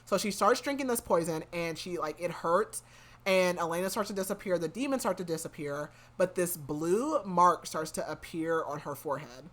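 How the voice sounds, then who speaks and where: A woman's voice: fairly low pitch, animated, normal speed, fairly bright tone. A woman hosting a podcast, casually recapping a story in a rambling way full of "like". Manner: rambling, fills speech with "like". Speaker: podcast host.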